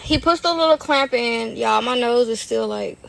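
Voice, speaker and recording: Gravelly young woman telling a slangy story. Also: fairly high pitch, moderate pace, a bit bright, no echo. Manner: rambling, slangy, swears, lots of fillers. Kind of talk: casual storytime clip.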